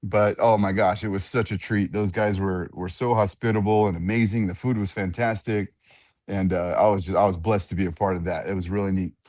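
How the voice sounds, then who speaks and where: A man, a ring announcer, telling animated stories in a casual interview and acting out other people's lines. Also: deep voice, brisk, dry recording, studio quality. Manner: animated storyteller who acts out others' voices.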